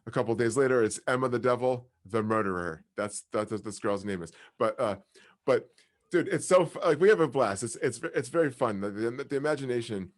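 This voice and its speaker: A man with a lowish voice tells a long, rambling story in a loose podcast chat. He talks casually and restarts sentences often, with filler words throughout. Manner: rambling, fillers, lots of "dude" and "like".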